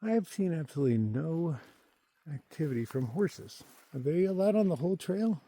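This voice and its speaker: A man talking casually to his camera while hiking a forest trail, chatty and opinionated, thinking out loud to himself. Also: on the high side, animated, moderate pace. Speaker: solo thru-hiker filming his hike. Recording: faint outdoor noise behind the voice.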